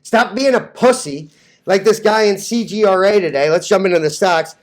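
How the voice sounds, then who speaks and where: A brash young man hosting a casual stock-trading vlog, cocky and quick to laugh at his own jokes. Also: sits high. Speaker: stock vlogger.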